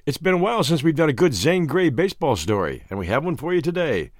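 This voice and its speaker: A man hosting and narrating a classic short story audiobook with clear, expressive reading. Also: a little high, quick pace, no room sound, clean studio sound.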